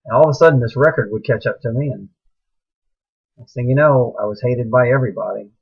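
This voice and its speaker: A man's voice: medium pitch, quick pace, gravelly, breathy edge, muffled recording. A middle-aged man delivering an impassioned, preachy monologue that rises into agitated outbursts. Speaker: speaker sharing religious views.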